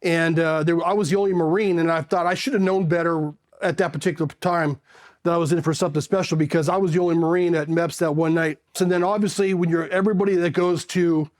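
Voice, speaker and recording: A middle-aged man from California recounts his past in a relaxed, casual way. His voice sits rather high for a man. He brings his anecdotes to life with little acted-out voices. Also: fast. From South Pasadena, California. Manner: animated, acts out voices in his anecdotes and laughs often. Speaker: Marine Corps veteran. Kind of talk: casual storytelling.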